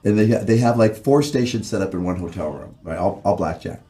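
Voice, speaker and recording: Low, mellow-voiced man telling a story. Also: a little fast. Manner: storytelling, relaxed and chatty. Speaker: podcast host. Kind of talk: casual chat.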